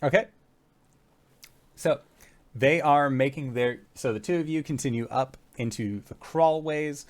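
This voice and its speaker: A man running a tabletop game, talking slowly and loosely, with lots of "like" and "uh." His pitch sits in the middle range. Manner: loose, full of fillers. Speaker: game master.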